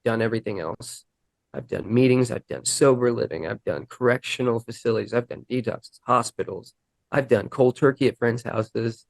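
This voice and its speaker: A man candidly recounting his recovery story in an interview, earnest and halting, acting out the dialogue he quotes. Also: mid-range voice, vocal fry, dry recording.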